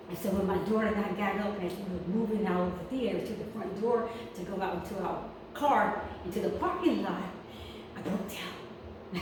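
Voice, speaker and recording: Middle-aged woman vlogger, heartfelt and repetitive, slightly high voice, distant mic in an echoey gym. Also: noisy background. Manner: heartfelt, repeats phrases. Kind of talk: casual vlog talk. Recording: echoey room from far off.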